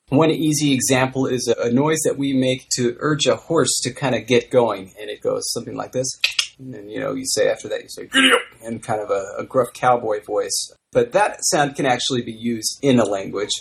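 A man's voice: mid-range voice, creaky, breathy edge. A man hosting a casual podcast about language, playful and joking, laughing often. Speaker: podcast host.

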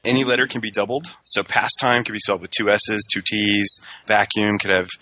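A man co-hosting a comedy podcast about language, making deadpan predictions in a matter-of-fact way. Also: fairly low pitch, a little fast, slight background noise, poor audio. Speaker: podcast co-host.

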